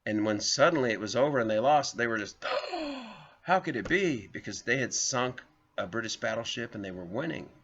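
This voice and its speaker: Chuckling man with a bright edge. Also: lowish voice, a little fast. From Southern United States. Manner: chuckles often, rambling storyteller. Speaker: video host. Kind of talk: reading an article aloud with personal digressions. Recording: dull lo-fi recording.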